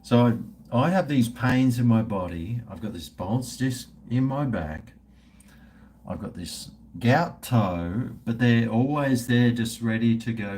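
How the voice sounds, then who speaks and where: Slow, rambling man. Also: mid-range voice, lively intonation, a little mellow, a little hiss or hum. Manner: rambling and profane. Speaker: livestream host. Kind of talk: casual chat with viewers.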